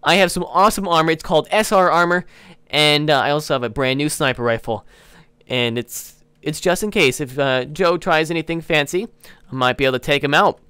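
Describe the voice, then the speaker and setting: Young guy gaming host, high bright voice, hyped and chatty, keeps saying guys. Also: fairly quick, clean tone, dry recording. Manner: excitable, keeps addressing viewers as guys. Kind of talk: playful role-play during a modded game.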